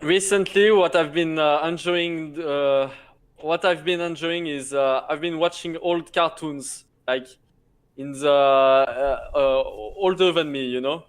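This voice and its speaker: Hesitant man with a smooth voice. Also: a little high, fairly even intonation, a little slow. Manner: hesitant, many fillers, soft laughs. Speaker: co-caster. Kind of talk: casual chat while casting a game tourney.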